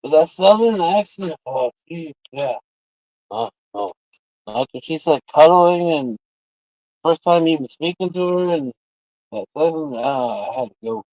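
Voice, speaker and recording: A man's voice: on the high side, expressive, measured pace, a little mellow, no room sound, rough recording. A man hosting a livestream, telling rambling, crude, joking stories in casual chat. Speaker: livestream host.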